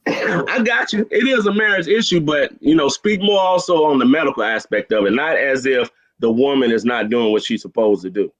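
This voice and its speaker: A man's voice: medium pitch, expressive, a little fast, low-quality recording. A man arguing in a heated call-in debate, stammering over his words and speaking bluntly in slang. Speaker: panelist in a debate.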